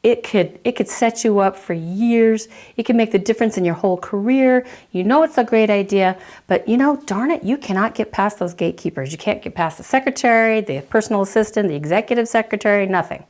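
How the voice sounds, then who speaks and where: A woman counselor teaching a lesson, telling a story vividly and acting out the reactions in quick asides. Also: medium pitch, a little mellow.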